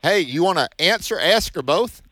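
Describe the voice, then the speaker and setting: A man's voice: high-pitched, expressive, moderate pace, pushed and bright, no echo. A man co-hosting a radio call-in show, taking callers with short, upbeat remarks. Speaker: radio co-host taking calls. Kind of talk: casual call-in chat.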